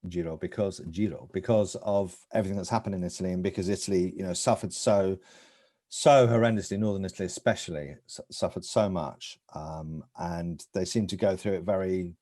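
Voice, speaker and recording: A deep-voiced man talks thoughtfully and earnestly on a cycling podcast, building his point at length. His low voice carries a sincere tone. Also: steady tone, fairly quick, warm tone. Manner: reflective, earnest. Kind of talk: podcast discussion.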